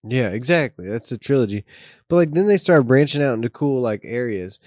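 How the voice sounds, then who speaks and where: Excited young man, casual rambling chat. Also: mid-range voice, brisk, no echo, clean studio sound. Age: young adult. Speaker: guest musician.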